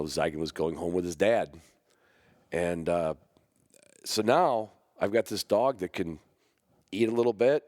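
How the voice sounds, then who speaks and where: Deep-voiced man telling a dog story. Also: a little mellow, no echo, studio quality. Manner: rambling, halting, with many restarts and fillers. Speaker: podcast host; hunting dog trainer. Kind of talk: personal storytelling.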